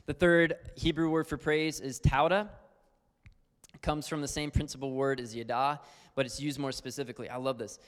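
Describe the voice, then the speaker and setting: A man's voice: medium pitch, fairly even intonation, moderate pace, clear, resonant tone. A man teaching on worship in an earnest, conversational sermon style, full of fillers. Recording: long hall reverb.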